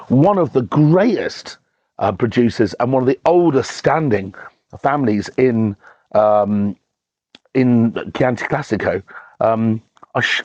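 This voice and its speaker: A man's voice: medium pitch, a little mellow, no echo, highs cut off. A man hosts a casual wine tasting, talking enthusiastically with lots of ums and restarts. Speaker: wine reviewer and show host.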